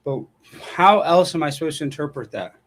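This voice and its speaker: The host of a late-night call-in live stream speaks briskly in a voice on the high side. Taking callers in casual live-stream fashion, he rants with animated sarcasm and thinks aloud as he looks things up online.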